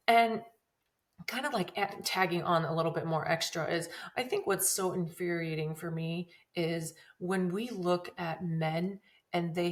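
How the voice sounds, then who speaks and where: A woman in her thirties hosting a podcast, telling a personal story in an emotional, earnest way that rambles with many restarts. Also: lowish voice. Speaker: podcast host.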